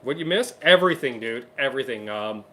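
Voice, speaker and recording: A man co-hosting a casual guitar livestream, chatting upbeat and reading viewer comments aloud. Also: mid-range voice. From Canada. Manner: chatty, upbeat, quick asides. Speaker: co-host of a livestream guitar show.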